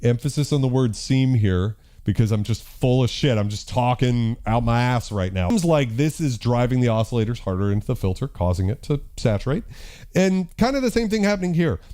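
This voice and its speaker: A male host demonstrating synthesizers on a live stream. His voice is dark and mellow. He thinks aloud with a loose, profane, self-mocking manner. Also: mid-range voice, animated, brisk. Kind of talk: casual live-stream demo.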